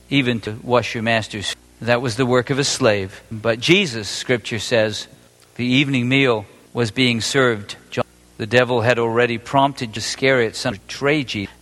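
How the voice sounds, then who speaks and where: A man preaching a sermon, animated and quizzing his audience, acting out the quotes he reads. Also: mid-range voice. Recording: long hall reverb.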